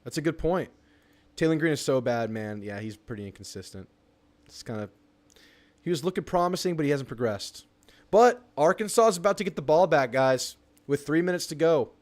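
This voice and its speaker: Young guy hosting a live college football fan stream, reads chat, gets hyped fast. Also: medium pitch. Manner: excitable, reads chat comments aloud. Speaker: sports talk show host.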